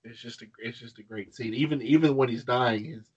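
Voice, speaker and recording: A man with a husky, slightly breathy voice chats about films on a podcast. He retells scenes at length and with enthusiasm, stumbling and restarting as he goes. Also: mid-range voice, a little fast, highs cut off. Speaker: podcast co-host. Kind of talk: casual film-discussion chat.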